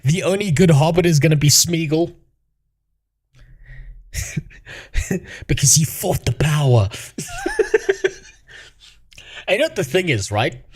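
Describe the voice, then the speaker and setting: Male streamer, fairly high voice, very animated, profane mocking rant. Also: a little slow, pauses often, slightly rough. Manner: profane, mocking, laughs often. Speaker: gaming streamer. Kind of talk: casual commentary rant.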